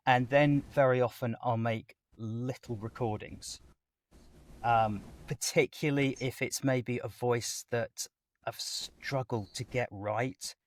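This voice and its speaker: A man appears as a guest voice actor in a conversational interview, chatty and animated as he describes his work at length. His voice is mid-range and his pace slow.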